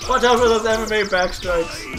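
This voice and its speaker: High-voiced man telling stories over gameplay. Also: fairly quick. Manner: animated storytelling full of "like" fillers, swears freely. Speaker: storyteller co-host of a gameplay video. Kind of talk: casual chat over gameplay. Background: video game music.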